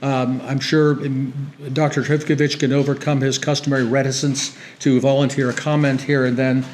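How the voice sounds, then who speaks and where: A man's voice: mid-range voice, level tone, normal speed, slight background noise. A middle-aged American man giving a lecture to an audience, ironic and dry, often restarting his sentences. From United States. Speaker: guest speaker. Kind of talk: public lecture with banter.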